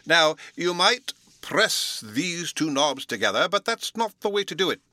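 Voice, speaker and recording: A fussy, absent-minded old professor lectures in a slow, high, pompous storybook voice, as a man reads him. The tone is bright and it swings up and down a lot. The sound is dry and close, with no room around it. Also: big pitch swings, dry recording, full character voice. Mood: pompous lecturing. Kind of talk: storybook reading.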